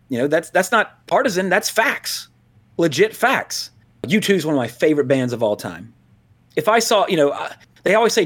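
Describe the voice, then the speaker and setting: A man co-hosting a podcast, chatting casually and going off on tangents, laughing often and restarting his sentences. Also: fairly high pitch. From Louisiana, US. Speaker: podcast co-host. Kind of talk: casual rambling podcast chat.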